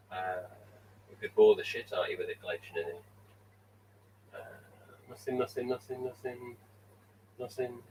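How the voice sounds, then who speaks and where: A rambling, chatty man hosting a casual live stream from a room at home. His voice sits fairly low and sounds set back from the mic. A faint hum of ambient noise runs underneath. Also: far from the mic, rough recording. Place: room at home with mask collection.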